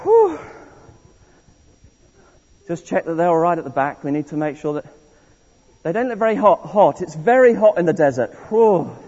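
A man whose voice sits on the high side, with a slightly dark tone and a somewhat quick pace, leads an all-age interactive church service in a large hall. Playful and encouraging, he takes the congregation through a story, frequently restarting. The sound is dull and echoey, recorded from far away.

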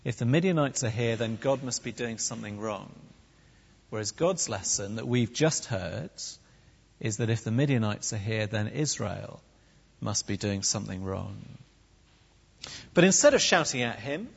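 A man preaching a sermon with a wry, animated delivery and humorous asides. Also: on the low side, normal speed, creaky, slightly rough. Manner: animated, wry, with comic put-on voices. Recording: dull recording in echoey hall.

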